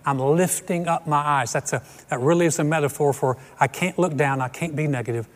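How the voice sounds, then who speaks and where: A man's voice: fairly high pitch, fairly quick, long reverb tail. A man preaching a sermon as pastor, conversational and earnest, repeating phrases for emphasis.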